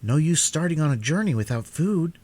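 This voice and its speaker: A man's voice: a little high, expressive, normal speed, a little mellow, pitched above the performer's own voice. A man reading aloud and voicing a frightened, rebellious young boy who pleads and protests anxiously.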